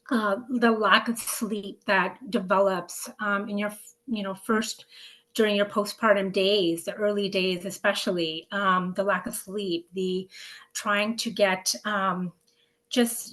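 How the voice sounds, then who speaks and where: A doula speaks earnestly to the camera, offering educational advice to expecting parents. Her medium-pitched voice is a bit bright, and she leans heavily on fillers, with frequent ums and restarts.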